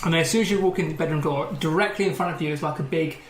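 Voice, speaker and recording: High-voiced man telling a prank story. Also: very fast. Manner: laughing, rambling storyteller. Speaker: podcast co-host. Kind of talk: casual chat, anecdote. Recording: echoey room with faint noise.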